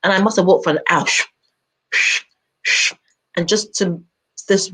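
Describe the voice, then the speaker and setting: A woman's voice: fairly low pitch, unhurried. A woman talking in a radio chat, reflective and encouraging as she shares personal experience. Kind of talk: casual chat.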